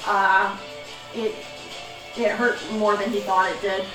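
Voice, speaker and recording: A woman's voice: medium pitch, little pitch movement, slow pace, distant mic. Off-mic woman running a tabletop game. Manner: casual, loose narration with frequent ums. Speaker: game master. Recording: echoey room, off-mic, music behind.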